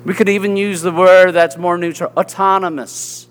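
A man's voice: sits high, little pitch movement, moderate pace, in a large hall. A man with a Southern US accent preaching a sermon as pastor, earnest and conversational, often checking in with his listeners.

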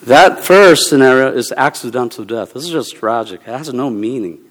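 A man who is a Presbyterian minister, giving a humorous sermon talk with animated storytelling, bursts of exclamation and laughter. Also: mid-range voice, moderate pace. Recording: long reverb of a large hall.

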